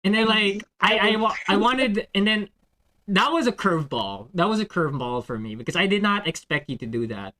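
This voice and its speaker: A man's voice: sits high, lively intonation, fairly quick, sharp tone. A man, host and dungeon master, chatting casually with friends and telling a game story, often restarting sentences. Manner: rambling, restarting sentences, many fillers. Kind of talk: casual chat among friends.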